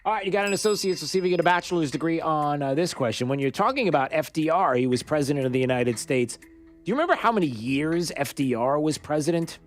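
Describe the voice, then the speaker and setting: A man running a call-in talk radio quiz, his voice sitting a touch high. He jokes around and pads his lines with fillers. Soft music plays faintly underneath. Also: animated, quick pace. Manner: jokey, loose, filler-heavy. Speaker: radio talk show host.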